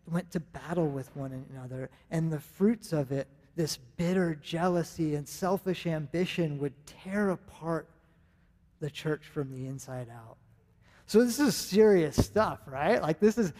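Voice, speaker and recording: A man's voice: high-pitched, a little mellow. A man in his thirties with an American accent, preaching a sermon in an earnest, conversational way, often restarting his sentences. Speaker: pastor. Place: church sanctuary. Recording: long reverb of a church hall.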